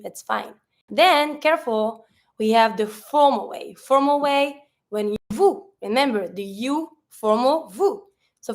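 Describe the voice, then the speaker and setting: A woman teaching a French lesson in English, patiently asking the learner questions and saying French phrases as examples. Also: a little high. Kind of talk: online language lesson.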